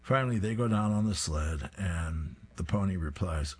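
Deep, husky man reading comics aloud. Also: normal speed, a little mellow. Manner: descriptive, amused. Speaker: reader of comic strips.

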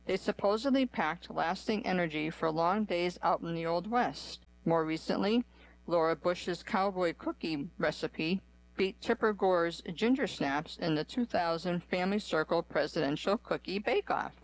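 A woman's voice: fairly low pitch, moderate pace, poor audio. Woman reading a magazine piece aloud. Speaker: radio reader. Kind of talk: read-aloud magazine article.

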